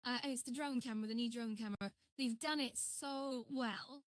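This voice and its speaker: A woman's voice: a little high, steady tone, normal speed, no room sound. A woman chatting on a live stream as she builds, rambling and greeting viewers while she works. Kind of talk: casual live-stream chat.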